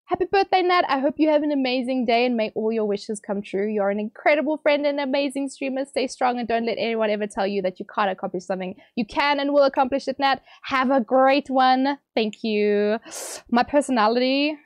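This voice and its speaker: A woman streamer reading out viewer messages on a livestream, teary and emotional, bubbly and quick to laugh. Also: a little high, dry recording.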